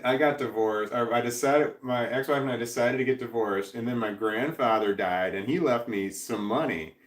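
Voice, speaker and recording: A middle-aged man from Missouri chatting on a live stream, reading viewer comments and rambling with many restarts in a self-deprecating, droning way. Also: mid-range voice. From Missouri, USA. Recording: echoey room.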